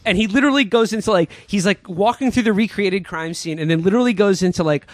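A man's voice: high voice, fast talker, no echo. A man hosting a comedy podcast, sarcastically recapping a movie in a rambling way. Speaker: podcast host.

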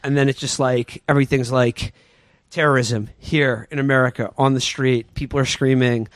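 A man's voice: medium pitch, fairly even intonation, moderate pace, no room sound. A man hosting a comedy podcast, sarcastically recapping a movie in a rambling way. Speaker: podcast host.

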